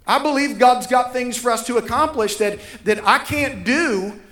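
A man's voice: very high voice, moderate pace, fairly bright tone, echoey room. A man, preaching a sermon as pastor, emphatic and repeating key lines for effect. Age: 30s.

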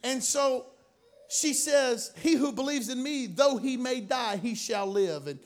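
A male pastor preaching a sermon, animated, swinging between loud bursts and quiet asides. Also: very high-pitched, unhurried.

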